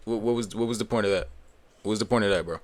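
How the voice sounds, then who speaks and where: A man's voice: on the low side, rapid-fire. Heated, swearing man reacting. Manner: heated, swearing, with sudden loud outbursts. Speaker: commentator reacting to a clip. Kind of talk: profane reaction commentary.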